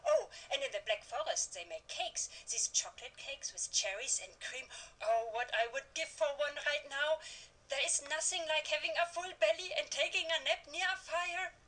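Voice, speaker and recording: An ominous old German storyteller. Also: female voice, high-pitched, moderate pace, pushed and bright, poor audio. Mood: fond. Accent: put-on German. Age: older. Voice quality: theatrical, mysterious, lingering. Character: old female storyteller, ominous and food-loving. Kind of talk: video game character acting.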